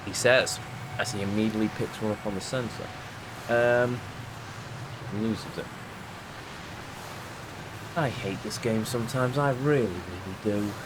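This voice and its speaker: A man's voice: on the low side, measured pace, pauses often, noisy background. A man doing casual, rambling gameplay commentary with wry grumbles. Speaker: let's play host. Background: game music.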